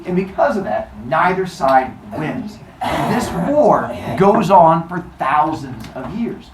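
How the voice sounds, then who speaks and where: Against a noisy background, a man with a high-leaning, sing-song voice slowly tells his class a myth in a playful, joking way. It's classroom storytelling captured from a distance in a roomy space.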